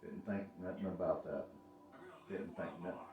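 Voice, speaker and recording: A man chatting casually in his home kitchen, blunt and profane and quick to poke fun at himself. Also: low voice, steady tone, mellow, echoey room, faint music behind. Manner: blunt, profane, self-mocking. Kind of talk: casual home cooking chat.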